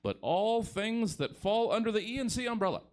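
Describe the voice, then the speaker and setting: A man hosting a live comedy show, animated and laughing often between lines. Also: high-pitched, normal speed. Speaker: host.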